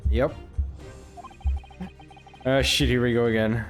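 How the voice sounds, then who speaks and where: A man streaming a game playthrough, reacting with profane, excitable commentary. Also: mid-range voice, slow, pauses often, soft background music.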